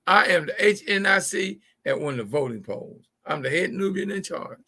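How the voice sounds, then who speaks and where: High, gravelly, emphatic male livestream host. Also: lively intonation, moderate pace, sharp tone, a little hiss or hum. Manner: emphatic, repeats words, addresses viewers directly. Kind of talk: live-streamed political talk to viewers.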